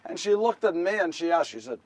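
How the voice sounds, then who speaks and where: Fairly high-pitched and very animated, this man talks fairly quickly in a dry recording from a distance. Performing alone on a live stage, he delivers a first-person monologue as young, nervous Joseph, in a wry mood, repeating himself and correcting as he goes.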